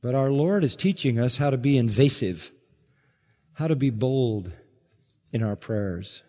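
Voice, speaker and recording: A pastor preaches an expository sermon at a measured pace in a big-sounding room. He's emphatic, swinging between loud exclamations and low asides, and puts questions to the congregation.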